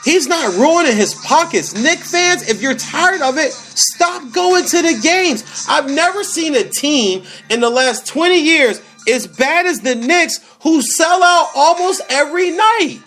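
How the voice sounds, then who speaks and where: Male podcast host, very high voice, animated slangy sports rant. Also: unhurried, few pauses, faint music behind. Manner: animated, slangy, repeats phrases for emphasis.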